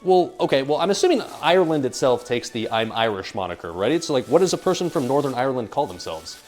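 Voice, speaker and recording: A man's voice: medium pitch, sing-song, fast talker. A young American man cooking on a live stream, rambling and joking as he reads chat aloud. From United States. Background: faint music.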